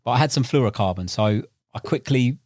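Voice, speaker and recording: In clean studio audio with no room sound, a young man with a mid-range voice chats briskly as a podcast guest. A carp fisherman, he spins animated fishing tales, acting out quotes and packing his casual talk with slang and fillers.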